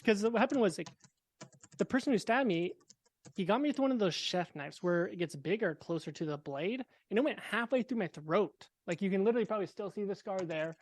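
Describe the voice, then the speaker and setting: A young man, a podcast guest, telling a personal story in a relaxed, casual way with wry, deadpan dark humor. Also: high-pitched, a little fast, no echo.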